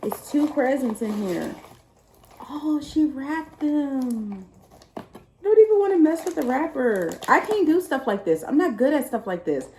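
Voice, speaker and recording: A woman from Texas, chatting excitedly and laughing as she opens gifts on her vlog. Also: sits high, unhurried, echoey room, a little hiss or hum. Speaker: vlogger. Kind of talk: casual unboxing chat.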